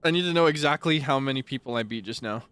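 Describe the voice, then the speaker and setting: A man's voice: mid-range voice, fast, fairly bright tone, smooth, soft background music. A man streaming live, chatting playfully with his viewers, teasing them and sharing bits of trivia. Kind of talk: casual livestream chat with viewers.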